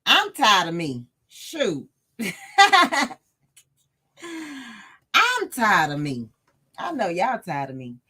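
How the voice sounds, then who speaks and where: A woman's voice: on the low side, wildly swooping pitch, unhurried, sharp tone, husky. A woman hosting a casual livestream sewing lesson, chatty and laughing often as she talks to her live chat. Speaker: sewing tutorial host.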